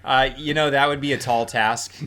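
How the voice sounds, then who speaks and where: A man's voice: mid-range voice, steady tone, moderate pace, a bit bright, a little hiss or hum. A young man co-hosting a casual podcast chat, talking with enthusiasm and rambling through restarts. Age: young adult. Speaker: podcast co-host.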